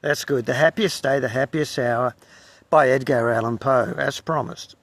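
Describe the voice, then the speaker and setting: A man's voice: mid-range voice, steady tone, moderate pace, dry recording. An Australian man giving an unrehearsed poetry reading with wry asides, sometimes stumbling over the words. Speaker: poetry reader.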